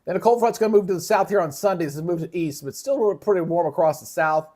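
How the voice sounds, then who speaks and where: A male meteorologist hosting a live weather briefing in a casual, conversational way, with a frog in his throat that keeps him clearing it. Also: high-pitched, fast, darkish tone. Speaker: meteorologist host.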